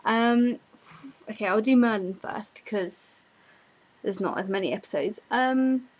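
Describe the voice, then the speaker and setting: A woman's voice: medium pitch, darkish tone, low-quality recording. A young woman, chatting casually as she answers viewer questions, self-deprecating and full of ums and likes. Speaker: vlogger.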